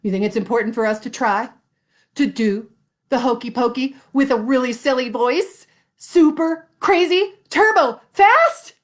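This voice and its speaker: A woman's voice: sits high, a bit bright. A young woman hosting a playful children's sing-along class, encouraging and laughing often. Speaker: children's music class host. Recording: roomy echo.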